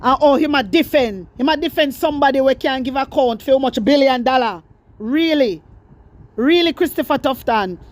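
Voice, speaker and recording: High-voiced Jamaican woman, fiery rant. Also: normal speed. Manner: fiery, repetitive, scolding, addresses viewers directly. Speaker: political commentary vlogger. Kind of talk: impassioned political commentary.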